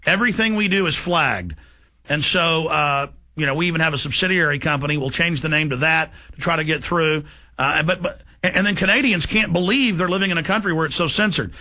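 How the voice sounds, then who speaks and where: A man hosting a talk radio show, speaking in an indignant, emphatic way. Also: a little high. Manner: forceful, indignant, fast and emphatic. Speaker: radio host.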